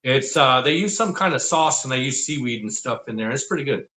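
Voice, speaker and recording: A man's voice: medium pitch, animated, a little fast, sharp tone, reverberant. A man, a guest on a live trivia stream, chatting casually in short remarks and asides.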